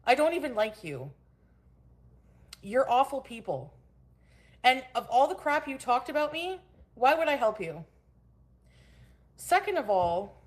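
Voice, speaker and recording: Angry ranting woman streamer, higher voice. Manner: greets chat viewers by name. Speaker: livestream host. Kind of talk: casual livestream chat and rant. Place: at home.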